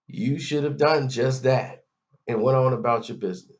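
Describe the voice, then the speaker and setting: A man's voice: mid-range voice, moderate pace, a little mellow. A man giving a mocking, scolding commentary rant, talking straight at the person he criticizes. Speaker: commentary vlogger. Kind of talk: ranting commentary. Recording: dull lo-fi audio.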